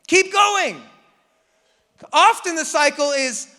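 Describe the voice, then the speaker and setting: High, bright-voiced joking male pastor. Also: moderate pace, long reverb tail. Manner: animated and joking, acting out inner voices. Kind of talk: sermon.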